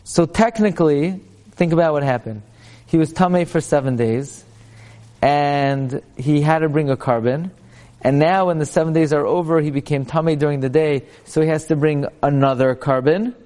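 A man's voice: fairly high pitch, normal speed, dark tone. A man teaching a Talmud class. He chants passages aloud and then explains them in plain English.

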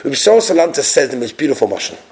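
A religious lecturer gives a talk full of stories, animatedly acting out the characters. His mid-range voice is slightly rough and rapid-fire.

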